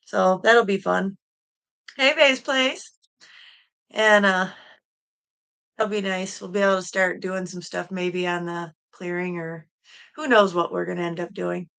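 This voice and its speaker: A woman's voice: lowish voice, fairly even intonation, a little slow, creaky, pauses often, fairly bright tone, clean tone. A woman from Michigan hosting a casual solo livestream from home, chatty and giggly as she greets viewers by name. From Michigan, USA. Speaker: livestream host. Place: at home, in a room with a quilt hung on the wall.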